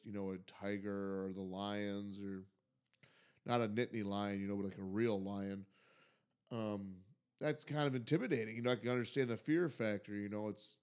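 A man's voice: on the low side, clean tone. A man co-hosting a podcast from Michigan, rambling and joking in casual chat with many fillers. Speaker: podcast co-host.

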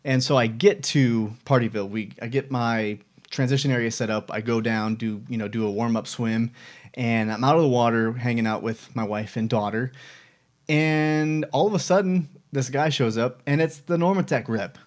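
A man's voice: mid-range voice, moderate pace. A man in his thirties hosting a casual personal vlog, talking reflectively with many fillers and restarts. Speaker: vlog host.

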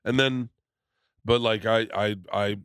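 A middle-aged man as a podcast host in casual chat, telling rambling, animated stories with many restarts. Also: on the low side, takes it slowly, smooth, dry recording, studio quality.

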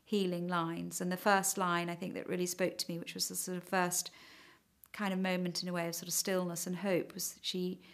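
A woman's voice: lowish voice, flat delivery, fairly quick, creaky. A middle-aged woman giving a hesitant, reflective personal account in conversation, with frequent fillers. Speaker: interviewee.

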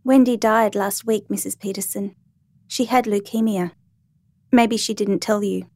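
A woman voicing a gentle, grieving young mother who speaks softly and politely. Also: mid-range voice, fairly even intonation, unhurried, no echo. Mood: sorrowful. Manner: soft, polite, subdued.

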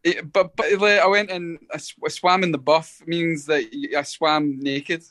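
A Scottish man from Scotland, a musician guest speaking from a record company office, talking in a halting, good-humoured way. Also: a little high, fairly even intonation, a bit bright, no echo. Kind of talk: casual remote interview.

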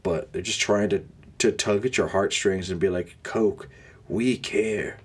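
A man's voice: low voice, fairly even intonation, normal speed, husky. A young man hosting a podcast, ranting sarcastically with frequent groans of disgust. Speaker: podcast host. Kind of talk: casual ranting monologue.

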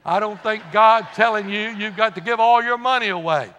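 Older pastor, high-pitched, folksy, emphatic; church hall reverb. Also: male voice, steady tone, moderate pace, bright, forceful tone, slight background noise. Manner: folksy preaching with rising emphatic repetition. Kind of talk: sermon.

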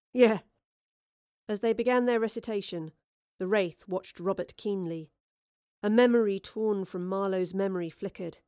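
A woman narrating a historical adventure audiobook in a measured, expressive storytelling manner. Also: medium pitch, dry recording, clean studio sound.

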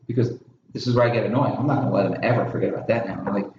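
A man co-hosting a podcast, telling a story in a casual, animated way. The sound is roomy and a little dull, with faint noise behind him. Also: fairly low pitch, very fast. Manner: animated, mimics others in raised voices while telling stories. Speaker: podcast co-host. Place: small warm room.

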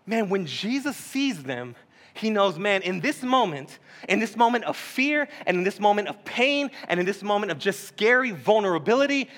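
A male pastor delivers a sermon in an easygoing, joking manner, dropping slang into his teaching. His voice sits high for a man and rings bright and forward, carrying through a church hall. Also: sing-song, moderate pace. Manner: casual, joking preacher talk with slang.

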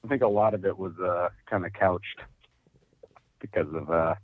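A man's voice: low voice, normal speed, dry recording. Man, casual podcast chat, easygoing, tinny phone-like sound, dry. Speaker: podcast co-host.

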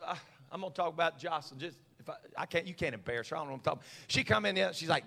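A man preaching a sermon, folksy and stammering, swinging from quiet asides to fiery shouts. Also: on the high side, very fast, creaky.

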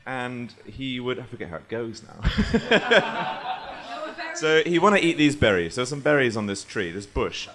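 A man narrates an improvised live comedy game in a rambling, playful way. His pitch swings freely, lively and animated. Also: normal speed, crowd noise.

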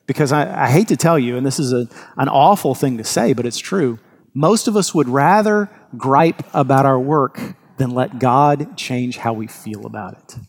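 A man's voice: medium pitch, normal speed. A man preaching a sermon as pastor, earnest and emphatic, often restarting his words.

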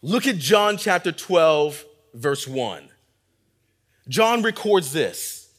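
A man's voice: fairly high pitch, very animated, slow pace, fairly bright tone, husky. A man preaching a sermon as pastor, leading a prayer and then teaching in an earnest, emphatic way with repeated phrases.

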